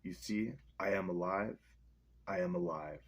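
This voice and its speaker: A man's voice: low voice, measured pace, creaky, slightly rough. A man chatting casually on camera, joking around between reading poems aloud. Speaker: vlogger reading poetry aloud. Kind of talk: casual chat and poetry reading.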